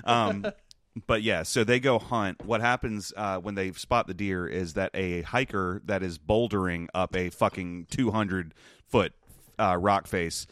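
Young man, podcast host, lower voice, dry close sound, rambling and laughing, casual swearing. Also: measured pace, fairly bright tone, no room sound. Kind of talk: casual movie recap chat.

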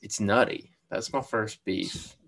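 A man's voice: lowish voice, slow pace, gravelly, a bit bright, breathy edge. A young man co-hosting a podcast in casual chat, laid-back, saying "dude" and "like" a lot. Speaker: podcast co-host.

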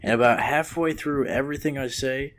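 Male podcast co-host on a remote call; mid-pitched, deadpan comic riffing. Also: fairly quick. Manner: deadpan, joking monologues. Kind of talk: casual comedic chat. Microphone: remote video call.

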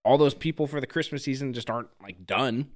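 A man's voice: medium pitch, a little fast. A man co-hosting a podcast, talking in blunt, teasing casual chat. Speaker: podcast co-host.

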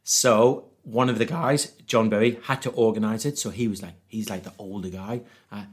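A man from northeast England with a Geordie accent tells travel stories as a guest on a podcast, speaking at a normal pace in a lowish voice. His casual storytelling is animated, full of laughter and acted-out quotes.

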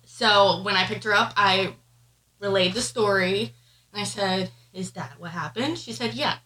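A woman's mid-range voice, pushed and bright, moves at a measured pace through a rough recording. She's a pregnant podcast co-host telling an emotional personal story about a family argument, peppered with fillers, in casual chat.

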